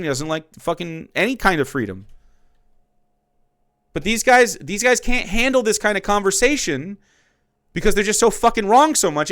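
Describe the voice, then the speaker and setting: Guy streamer ranting hard, swearing a lot, bright crisp voice kinda high, dry sound. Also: dry recording. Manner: heated, profane, mocking. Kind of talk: profane political rant on stream.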